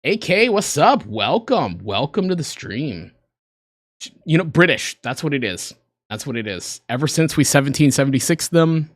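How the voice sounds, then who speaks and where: A man's voice: fairly high pitch, dry recording, studio quality. A man casually chatting on a livestream, rambling and joking at his own expense with the viewers. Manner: rambling, self-deprecating, joking with chat. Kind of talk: casual reaction stream chat.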